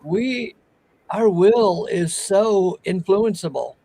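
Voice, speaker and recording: A man with a high voice and a gravelly, creaky edge walks a friend through scripture. He talks in an expressive, playful way, throwing in jokes between points. It sounds like an easygoing conversation about a Bible passage. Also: slow pace, rough recording. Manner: expressive, teasing, explains scripture. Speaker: Bible teacher. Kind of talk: casual Bible discussion.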